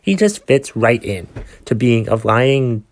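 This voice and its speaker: A man's voice: mid-range voice, animated, slow pace. A man hosting his own podcast, ranting with exasperated sighs, swearing and many restarts. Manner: exasperated, profane, sighing rant with restarts. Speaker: podcast host.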